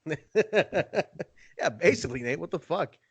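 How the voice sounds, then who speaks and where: A man's voice: fairly high pitch, lively intonation, normal speed, slightly rough, no echo. A young man hosting a casual podcast, swearing loosely and acting out both sides of his own stories. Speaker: podcast host.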